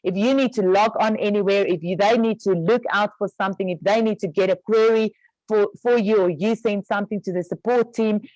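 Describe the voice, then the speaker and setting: A woman's voice: medium pitch, fairly quick, darkish tone, no room sound. Woman, casual trainer, lots of ums, dull dry call sound. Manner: casual, many fillers, explains step by step. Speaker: network marketing trainer. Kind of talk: online business training call.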